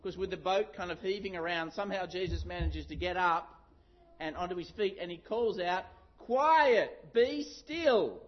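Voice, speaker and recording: A middle-aged man preaching a sermon, telling a story with lively acted-out shouts. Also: high voice, brisk. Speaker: pastor. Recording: dull lo-fi sound.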